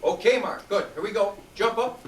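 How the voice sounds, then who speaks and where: A man's voice: high voice, normal speed. A middle-aged man leading a youth class, upbeat and encouraging as he calls on students. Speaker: youth program instructor. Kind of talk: classroom coaching. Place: large room with student tables. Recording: echoey room recorded from far, noisy.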